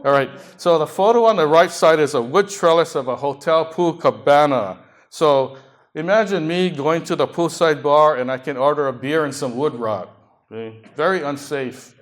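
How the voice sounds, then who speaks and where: A man's voice: a little high, moderate pace. A man presenting slides at a seminar to a live audience, moving through safety points and dropping jokes between them. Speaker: seminar speaker. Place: conference room.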